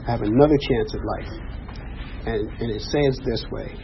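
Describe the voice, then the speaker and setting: Man sharing his recovery story, earnest testimony, mid-pitched voice, dull lo-fi sound with faint hiss. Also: normal speed, gravelly. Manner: earnest storytelling, acts out quoted dialogue. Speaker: recovery meeting speaker. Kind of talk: personal testimony.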